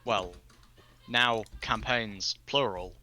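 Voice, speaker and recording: A man's voice: lowish voice, extremely slow, pushed and bright, poor audio. A man who is a tabletop game player, chatting casually and rambling with lots of fillers. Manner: rambling, with many fillers and restarts.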